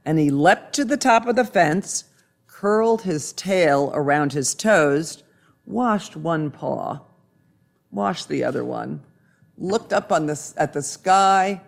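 A man reading a children's storybook aloud in a gentle, soft-spoken way. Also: a little high, expressive, slow, vocal fry.

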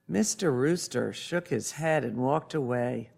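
A man reading a children's storybook aloud in a gentle, soft-spoken way. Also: medium pitch, unhurried, gravelly, few pauses.

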